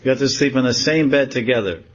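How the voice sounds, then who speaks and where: A man's voice: mid-range voice, fast talker, dull audio, crowd noise, voice pushed up, lightly acted. A man voicing a bossy old mother-in-law who gives stern commands to her household. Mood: commanding. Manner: commanding, scolding.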